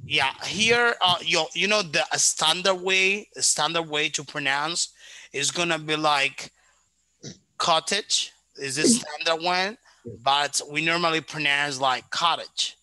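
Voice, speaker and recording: A man's voice: fairly high pitch, a little slow, pushed and bright, no echo, poor audio. A man teaching English in an online lesson, repeating vocabulary back and patiently explaining pronunciation.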